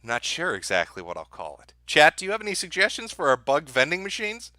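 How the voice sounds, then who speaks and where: A man runs a livestream rant with a sharp, forceful edge to his voice. He swears freely and his tone stays mocking, and he laughs at his own bits as he works through viewer chats. The sound is dry and close. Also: on the high side, wildly swooping pitch, fast, no room sound. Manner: sarcastic, profane, laughing at his own jokes. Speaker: livestream host.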